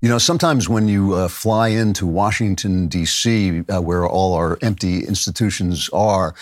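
Male podcast host, low voice, earnest lecturing delivery that slows for recited lines; dry, close-miked sound. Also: no room sound. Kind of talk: lecturing commentary.

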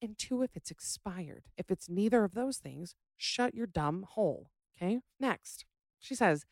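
A woman's voice: mid-range voice, measured pace, no room sound, clean studio sound. A young adult woman hosting a podcast, chatting casually and ranting with sass about listener stories. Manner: sassy, animated, ranting. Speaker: podcast host.

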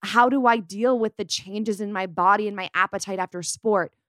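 A woman's voice: mid-range voice, moderate pace, no room sound, studio quality. A young woman in her twenties hosting a casual podcast, chatty and upbeat with a valley-girl lilt. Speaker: podcast host.

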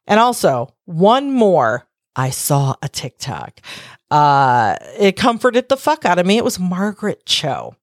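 In a relaxed solo podcast monologue, the host is candid and profane, wandering into asides and performing quotes. Her lowish voice is sing-song and unhurried, with hardly any pauses, captured clean in the studio with no room sound.

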